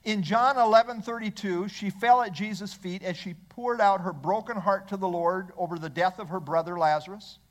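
A male pastor preaching a sermon in church, asking the congregation rhetorical questions. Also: sits high.

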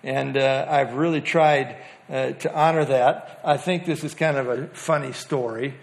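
Teaching casually on a Bible passage, this older man has a medium-pitched, creaky voice with fairly even intonation. His folksy delivery is halting and lightly humorous, and he often pauses to start sentences over.

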